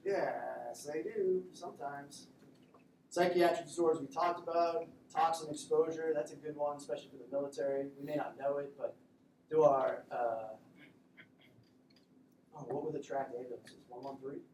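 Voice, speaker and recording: A man lectures students in a loose, joking way, slipping into short acted-out patient exchanges. His voice sits a little higher than most men's. It comes from some distance across an echoey classroom, with faint room ambience behind. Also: fairly even intonation, normal speed, darkish tone, a little hiss or hum. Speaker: instructor. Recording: echoey classroom recorded from afar.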